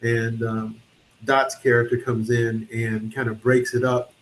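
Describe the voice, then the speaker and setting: Relaxed male film reviewer, faint hiss. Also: mid-range voice, measured pace, poor audio. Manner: relaxed, with fillers while searching for words. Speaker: film review show co-host. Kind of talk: casual film review chat. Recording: faint background noise.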